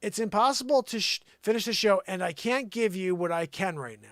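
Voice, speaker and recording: A man's voice: sits high, a little fast, a bit bright, no echo, studio quality. A man putting on a clumsy mock cockney impression of a tearful, apologetic British woman pop star. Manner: clumsy mock cockney accent, keeps breaking off.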